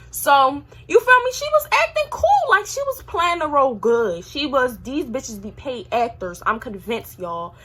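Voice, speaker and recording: A young woman talks straight to her vlog audience, telling a long story in a casual, slangy, animated way. She jumps from loud bursts to muttered asides. Her voice sits a little high, with a bright, sharp edge and a husky grain. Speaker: vlogger.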